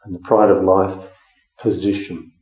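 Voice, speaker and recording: A man's voice: on the low side, unhurried. A man preaching a Bible teaching sermon in a conversational way, with frequent ums and restarts. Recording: echoey room, dull lo-fi sound.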